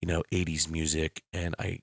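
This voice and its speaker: Low, gravelly man chatting on a stream. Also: little pitch movement, moderate pace, no echo, clean studio sound. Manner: rambling and laid-back, swears casually. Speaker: reptile keeper and live streamer. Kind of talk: casual live-stream chat. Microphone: computer mic at a desk. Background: faint background music.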